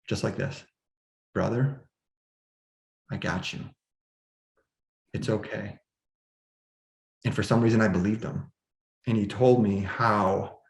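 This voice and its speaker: A man's voice: fairly low pitch, gravelly, roomy sound. Man retelling, restless and emotional. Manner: emotional, restless retelling with many restarts and quoted dialogue. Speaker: podcast guest. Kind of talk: personal story in conversation. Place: indoor room at home.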